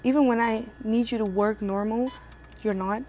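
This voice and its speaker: A young woman from Belgium streaming from home on a phone, telling a family story in a lively, animated way. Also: a little high, moderate pace, slight background noise. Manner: animated, lively storyteller with big jumps for quoted voices. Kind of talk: casual livestream storytelling. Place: indoors at home. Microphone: phone on a gimbal.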